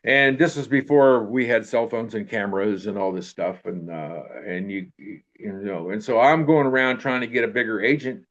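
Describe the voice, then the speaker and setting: An older man with a lowish voice tells stories in a loose, rambling way. He restarts his sentences and lets them trail off with throwaway tags. The recording sounds a little dull and lo-fi. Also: steady tone, normal speed, few pauses, a bit bright. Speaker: actor telling stories. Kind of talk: casual anecdote in an interview.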